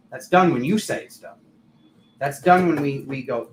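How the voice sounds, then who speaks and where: A man's voice: on the high side, moderate pace. A man hosting a casual live tarot reading, chatty and filler-heavy, often laughing at himself. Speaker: tarot reader and channel host. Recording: echoey room, faint background noise.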